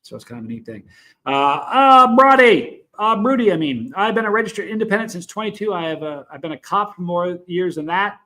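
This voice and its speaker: A man's voice: sits high, animated, fairly quick, sharp tone. A middle-aged man with a Southern US accent, hosting a casual livestream, talking frankly and rambling while greeting viewers in the chat. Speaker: livestream host.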